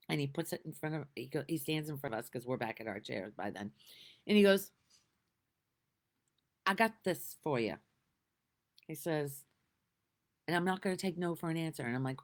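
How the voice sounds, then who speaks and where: Middle-aged female vlogger, low-pitched and highly expressive, chatty and rambling, frequent laughter. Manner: rambling, laughing, lots of restarts. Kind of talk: casual storytelling vlog.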